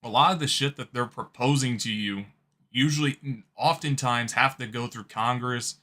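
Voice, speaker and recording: A man's voice: mid-range voice, normal speed, pushed and bright. A man hosting a reaction video, talking casually, swearing and laughing often. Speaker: host. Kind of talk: reaction commentary.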